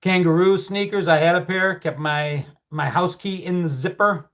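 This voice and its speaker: A man's voice: high-pitched, fairly even intonation, normal speed, fairly bright tone. A middle-aged man hosting a casual livestream, telling childhood stories and reading out viewer comments in a loose, swearing, storytelling way. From United States. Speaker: livestream host.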